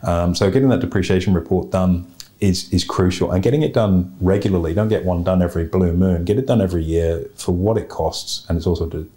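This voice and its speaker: Male podcast host, low mellow voice, blunt and plain-spoken. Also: brisk. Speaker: podcast host giving property investment advice. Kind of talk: casual advice talk.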